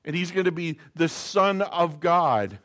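A man's voice: fairly high pitch, animated, unhurried, fairly bright tone. A middle-aged man preaching a sermon, reading scripture aloud and explaining it in a conversational way with stories from home. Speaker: pastor.

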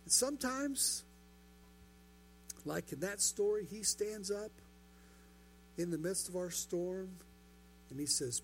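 A man's voice: sits high, animated, slow, pauses often, slight background noise. A pastor preaching a sermon, building his points through rhetorical questions and repetition.

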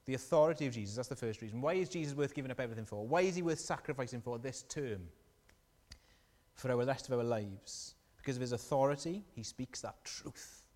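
A man delivers a sermon in a church hall. He tells the story with animation and keeps asking his listeners questions. His voice sits at a middle pitch and rings out with a long reverb. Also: fairly quick, darkish tone. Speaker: preacher.

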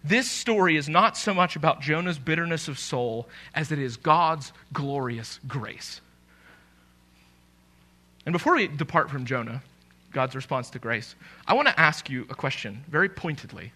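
A man preaching a sermon as pastor, conversational and animated, with emphatic rises. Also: a little high, moderate pace.

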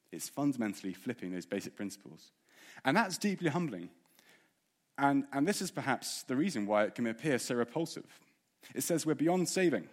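Man, preacher, sermon, earnest, rhetorical questions, mid pitch.

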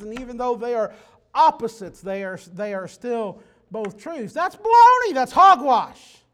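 A man preaching a sermon, dropping low and quiet then rising to loud, emphatic declarations.

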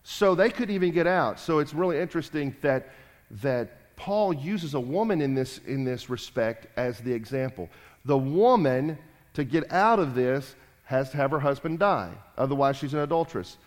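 A man preaching a sermon, emphatic and repetitive, rising loud and dropping quiet. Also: a little high, lively intonation, normal speed. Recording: long hall reverb.

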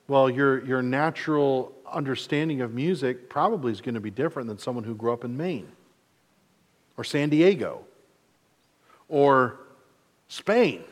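In a large hall, a mid-range male voice carries a sermon from a pastor in his forties from mid-Michigan. He talks conversationally, jokes at his own expense, and plays out the quotes he shares.

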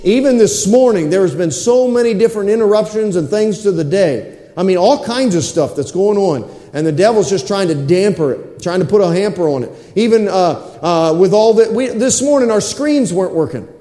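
In a church sanctuary, a male pastor preaches a sermon, repeating his points and calling for responses from the congregation. His voice sits high and dark-toned, expressive, at a normal speed with hardly any pauses. The hall gives a roomy echo with long reverb.

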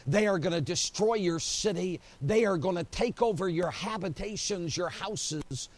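A man's voice: high voice, normal speed. A man preaching a sermon as pastor at an evening church service, telling the story with animation and acting out quotes, with many "you know" fillers.

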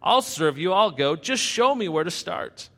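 A man playing a sulky prophet who complains in a high, pinched voice. His lines ring out with the long echo of a large hall. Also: expressive, normal speed, bright, forceful tone, full character voice. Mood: pleading. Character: whiny, sulking grown man prophet.

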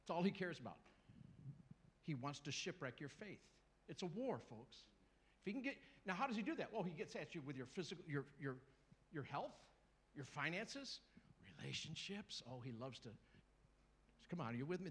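A middle-aged man preaching a sermon to a church congregation, lively and joking, acting out little voices and calling out to the crowd. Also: a little high, brisk, husky. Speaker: guest preacher.

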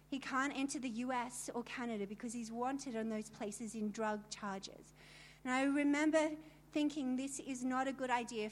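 High-voiced woman giving a vivid testimony. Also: a little hiss or hum. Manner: vivid storytelling with emphatic asides to the audience. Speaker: speaker telling her story to a women's gathering. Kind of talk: personal testimony talk.

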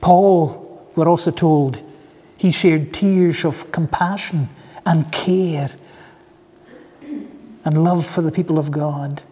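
A man preaching a sermon, telling stories in an earnest, heartfelt way with soft asides. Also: a little high, fairly even intonation, slow, pauses often, breathy edge, big-room sound. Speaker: pastor.

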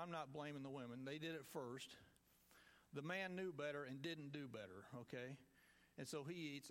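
A man with a farm group giving an informal, folksy sermon, joking with the audience as he talks. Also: on the high side. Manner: folksy, conversational, jokes with the audience. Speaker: lay preacher with a farm group.

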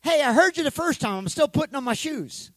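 A preacher voicing a small talking pet centipede in a joke, cheeky and unbothered. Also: male voice, extremely high pitch, expressive, brisk, fairly bright tone, no echo, pitched above the performer's own voice.

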